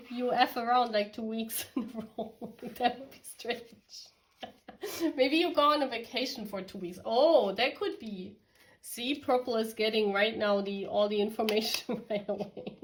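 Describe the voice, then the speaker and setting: A woman's voice: medium pitch, a little hiss or hum, poor audio. A woman from Germany giving a casual tarot reading, chatty and giggly, talking straight to her viewers. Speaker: tarot reader.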